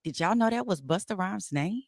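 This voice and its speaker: A woman's voice: medium pitch, lively intonation, normal speed. A woman co-hosting a casual talk show, chatty and playful. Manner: chatty, playful, sings snippets. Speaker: co-host reading birthdays. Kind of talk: casual sports talk banter.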